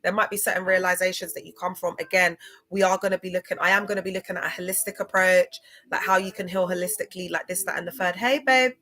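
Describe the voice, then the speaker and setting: A woman's voice: on the low side, fairly even intonation, quick pace, bright, forceful tone. A woman talking to livestream viewers in a loose, slangy, digressive way, drifting between topics. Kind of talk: rambling livestream talk to viewers.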